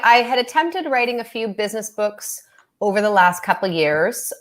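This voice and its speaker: A Canadian woman, a business coach and author, chatting in a bubbly way as a podcast guest. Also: mid-range voice. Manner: bubbly, laughs often, chatty. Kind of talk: casual interview chat.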